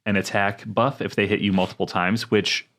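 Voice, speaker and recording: A man with a low voice co-hosts a laid-back gaming podcast. He reads out game notes between jokes and keeps a relaxed pace. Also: moderate pace. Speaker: podcast co-host. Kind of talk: casual gaming podcast chat.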